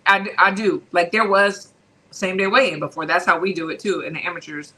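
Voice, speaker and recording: A woman hosting an informal boxing talk stream with a bright, forward voice. She chats in a relaxed, conversational way and stops to read out comments from viewers. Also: fairly low pitch, fairly quick, low-quality recording. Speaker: host. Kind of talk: casual boxing talk show.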